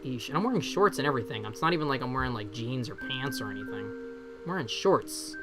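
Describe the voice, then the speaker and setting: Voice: medium pitch, expressive, fast talker. Forty-something streamer, casual bedroom chat, self-deprecating, laughs a lot, music under it. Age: 40s. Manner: chatty, self-deprecating, swears freely, laughs often.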